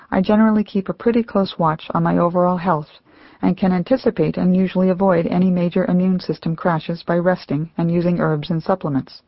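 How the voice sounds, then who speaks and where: A woman's voice: on the low side, dry recording. Reflective middle-aged woman reading her memoir. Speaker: author narrating her own memoir. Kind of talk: audiobook memoir narration. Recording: dull, slightly lo-fi dry audio.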